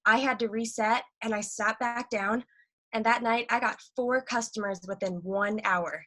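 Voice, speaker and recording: A woman with a fairly high voice chats on a video call, bubbly and quick. She gushes about her team and rattles on with energy. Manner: excited, rapid, gushing. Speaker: team member sharing sales tips. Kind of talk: casual chat on a video call.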